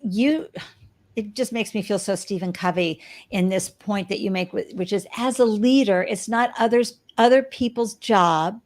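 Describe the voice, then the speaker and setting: A woman hosts an interview show with open enthusiasm, often affirming what her guest says. She speaks at a mid pitch with ready laughter. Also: moderate pace. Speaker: podcast host. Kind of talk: interview hosting.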